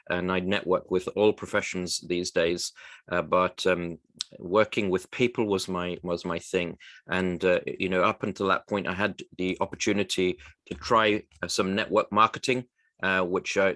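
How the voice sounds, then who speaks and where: A man as a radio interview guest, telling his career story in a halting, reflective way with frequent restarts. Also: low voice, fairly bright tone, no echo. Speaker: guest, recruitment firm co-founder.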